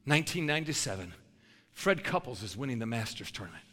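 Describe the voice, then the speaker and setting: A man preaching a sermon with animated, folksy storytelling that builds to shouting. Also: mid-range voice, quick pace. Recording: long hall reverb.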